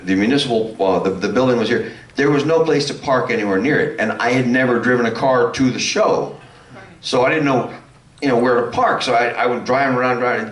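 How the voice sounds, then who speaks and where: A former circus clown on a convention panel telling a long anecdote, rambling with restarts and self-mocking laughs. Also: male voice, mid-range voice, fairly bright tone. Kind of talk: telling a funny anecdote to an audience. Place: convention hall. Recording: echoey hall, mic some distance off.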